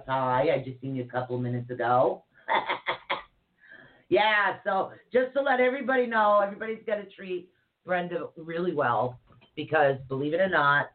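A chatty woman co-host who rambles and jokes through a casual livestream chat. Her voice comes through narrow and tinny, like a phone line. She greets people warmly by name as she talks. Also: low voice.

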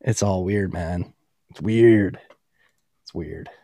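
A man's voice: sits low, slow, warm tone, no room sound, clean studio sound. A man co-hosting a podcast in casual, profane banter, rowdy and laughing often. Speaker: podcast co-host.

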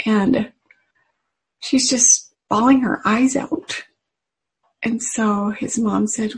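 A woman's voice: fairly high pitch, fairly even intonation, extremely slow, pauses often, slightly rough, poor audio. A woman telling a devotional story in an earnest, tender manner with emotional emphasis. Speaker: religious speaker.

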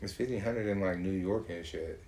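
A man from Georgia, talking in a profane, mocking, animated casual rant. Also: low voice, normal speed.

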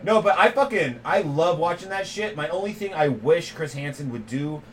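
A man's voice: a little high, animated, normal speed, a little hiss or hum. A man co-hosting a podcast in casual chat, making crude jokes and acting out quotes. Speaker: podcast co-host.

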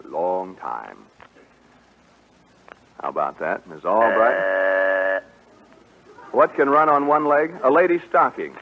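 This live radio game show host speaks in a lowish voice, unhurried and with long pauses. He jokes jovially and frequently laughs with contestants, all captured in an old, lo-fi broadcast with faint hiss.

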